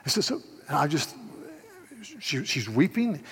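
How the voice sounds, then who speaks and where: Older preacher with a hall echo. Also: male voice, a little high, sing-song, measured pace. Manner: stammering restarts, builds from soft storytelling to loud preaching. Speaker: pastor. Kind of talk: sermon.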